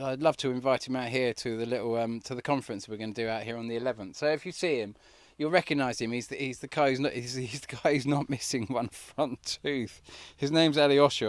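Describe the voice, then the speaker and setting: A man's voice: mid-range voice, brisk, hardly any pauses, dry recording. A man telling a rambling personal story in an earnest way, often restarting his sentences.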